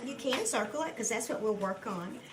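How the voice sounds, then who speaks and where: A woman teacher leading a guided reading lesson with young children in a classroom, patient and encouraging, speaking slowly and clearly. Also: on the high side, animated. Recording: echoey room from a distance, background noise.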